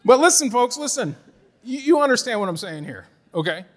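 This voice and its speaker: Middle-aged male pastor with a high voice, preaching with emphatic repetition and chuckling asides. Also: sing-song, brisk, long reverb tail. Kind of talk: sermon.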